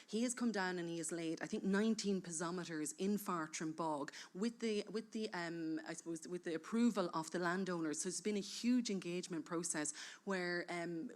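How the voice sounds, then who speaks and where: A woman describing her project's engagement work to a conference audience, speaking hesitantly with many fillers. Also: lowish voice. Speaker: project team member. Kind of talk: conference presentation.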